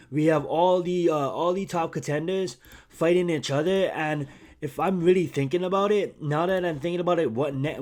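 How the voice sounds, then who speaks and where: A young man hosting his own channel, chatting casually and excitedly about a fight, rambling with lots of fillers and restarts. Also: a little high. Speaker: YouTube channel host. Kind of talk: casual fight commentary vlog.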